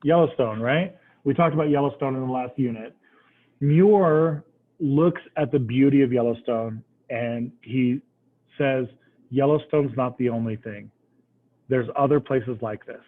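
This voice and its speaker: A man's voice: medium pitch, unhurried. A man teaching a history class in a casual, conversational way, often checking in with the students. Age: adult, past military service. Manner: conversational, checks understanding with "right?". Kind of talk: classroom lecture. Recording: tinny phone-like recording.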